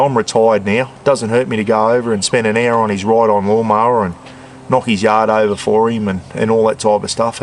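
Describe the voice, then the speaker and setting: A man's voice: lowish voice, a little hiss or hum. A retired Australian man in his sixties, rambling casually and saying "bloody" often as he cooks on a camp stove outdoors. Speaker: cooking vlogger.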